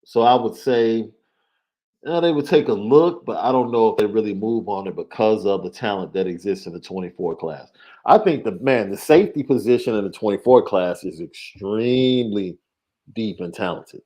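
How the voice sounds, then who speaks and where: A man co-hosting a casual sports talk show, measured, repeating his points for emphasis. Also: fairly low pitch, lively intonation, mellow. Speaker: podcast co-host, recruiting analyst.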